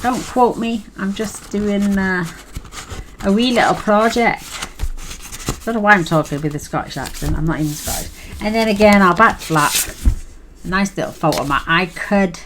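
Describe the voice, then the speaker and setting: Woman, low voice, chatty crafting host, rambling, paper shuffling and clicks behind. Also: background noise. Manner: chatty, rambling, thinks aloud with fillers. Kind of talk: casual craft tutorial chat.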